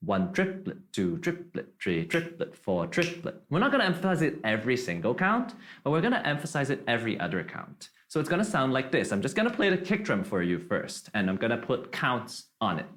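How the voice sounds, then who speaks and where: A man's voice: medium pitch, wildly swooping pitch, fast, hardly any pauses, fairly bright tone. A man from Malaysia teaching a drum tutorial, explaining step by step, counting beats aloud and checking in with "right?" and "okay?".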